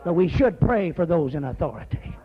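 Fiery folksy preacher guy, lively up and down voice, shouts a lot. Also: on the high side, brisk, husky. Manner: fervent, folksy, shouting at times. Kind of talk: fiery sermon. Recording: slightly muffled recording.

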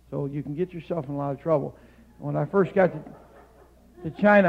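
Gravelly man preaching with rising fervor. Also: a little high, highs cut off. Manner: shouts to preaching peaks, then drops to a calm storytelling tone; fills pauses with "amen" and "hallelujah". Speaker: guest preacher, missionary. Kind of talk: Pentecostal sermon. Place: church sanctuary.

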